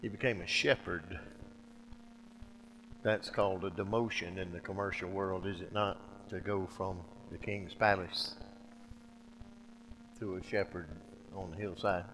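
A man's voice: low-pitched, fairly even intonation, a little slow, long pauses, a bit bright, long reverb tail, a little hiss or hum, rough recording. A male preacher giving a sermon in a folksy storytelling manner, acting out the people in the story.

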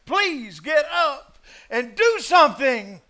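A preacher putting on a crew of terrified fishermen, screaming and pleading. The voice jumps far above his usual pitch and rings loud and strained. The words come drawn out, as if shouted over wind. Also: big pitch swings, takes it slowly, heavily acted. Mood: panicked pleading. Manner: screaming, pleading, breathless panic. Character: frightened grown male fishermen crying for help.

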